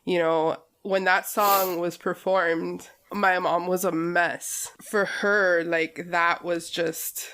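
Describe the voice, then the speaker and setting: A woman's voice: lowish voice, little pitch movement, slow, few pauses, fairly bright tone, clean tone. Emotional, rambling young woman podcaster. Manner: emotional, rambling, laughs often. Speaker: podcast co-host. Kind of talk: casual chat.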